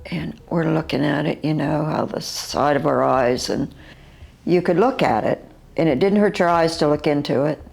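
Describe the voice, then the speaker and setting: An older woman with a West Virginian accent, recounting her own encounter as an eyewitness in a halting, vivid way, with fillers and restarts. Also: deep voice, vocal fry, darkish tone.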